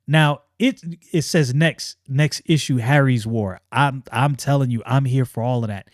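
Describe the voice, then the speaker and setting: Excitable, slangy man reviewing comics. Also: mid-range voice, measured pace, hardly any pauses, no echo, studio quality. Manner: excitable, slangy, lots of restarts. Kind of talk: casual review vlog.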